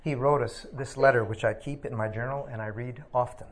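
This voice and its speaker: A middle-aged man tells a personal story of faith in a thoughtful, unhurried way. He hesitates often, filling gaps with soft ums and uhs. His voice sits at an ordinary pitch for a man. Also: steady tone. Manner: reflective, halting with frequent ums and uhs. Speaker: speaker sharing a personal testimony. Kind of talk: personal testimony talk.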